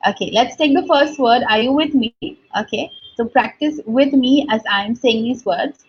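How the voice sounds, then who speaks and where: A woman teaching English pronunciation. She models each word slowly and repeats it, checking in with her listeners as she goes. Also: on the high side, slightly rough. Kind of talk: slow, deliberate teaching with repeated model words. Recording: dull, lo-fi recording.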